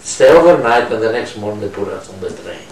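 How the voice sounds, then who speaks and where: An older man recounting his memories in an oral history interview, speaking slow, halting, non-native English and searching for words. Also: fairly low pitch, animated. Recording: roomy distant mic with faint noise.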